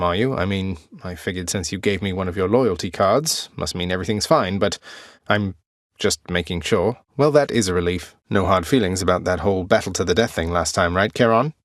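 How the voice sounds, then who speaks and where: A man's voice: lowish voice, no room sound, lightly acted. A man voicing a wry, polite young prince of the underworld, in video game voice lines. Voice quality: dry, wry and teasing. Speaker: game character.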